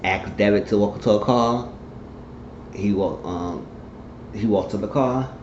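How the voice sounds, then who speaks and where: A man's voice: on the low side, unhurried, a little mellow, slight background noise. A man casually recapping a TV episode, rambling through the plot and acting out the characters' lines in shifting voices. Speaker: TV show reviewer. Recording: dull, echoey room recording.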